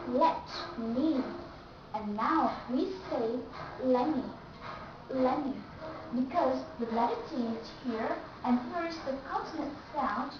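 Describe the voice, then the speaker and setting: A woman giving a slow, careful English pronunciation lesson and repeating the example words. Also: high-pitched, noisy background. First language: Vietnamese. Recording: echoey room, distant mic, dull and lo-fi.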